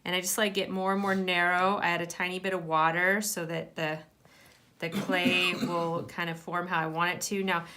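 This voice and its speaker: A woman's voice: on the low side, flat delivery, normal speed, pushed and bright. A woman giving a hands-on clay tutorial, explaining each step patiently. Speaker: clay art teacher.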